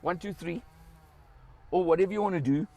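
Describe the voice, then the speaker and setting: A man's voice: sits high, a little fast, vocal fry, darkish tone. A South African man giving an enthusiastic, casual walkaround car review outdoors beside a car, pointing out features as he goes.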